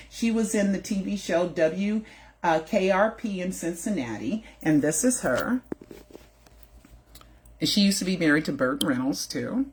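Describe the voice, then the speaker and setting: A woman's voice: fairly low pitch, a little mellow, husky. A middle-aged woman hosting a casual, rambling commentary video on celebrity news, chatty and defensive, with lots of fillers and repeated words.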